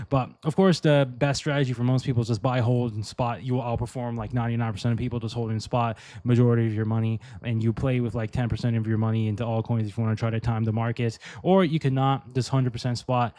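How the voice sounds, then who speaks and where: A man's voice: mid-range voice, dark tone, no echo. Blunt, cursing man talking crypto charts. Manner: blunt, profane and rambling. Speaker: crypto market analyst. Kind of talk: casual market commentary over charts.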